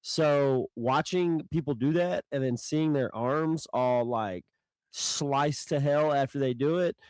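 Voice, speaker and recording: A man's voice: medium pitch, slow, darkish tone, smooth, dry recording. A man co-hosting a podcast, chatting in a laid-back, rambling way. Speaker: podcast co-host. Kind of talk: casual podcast chat.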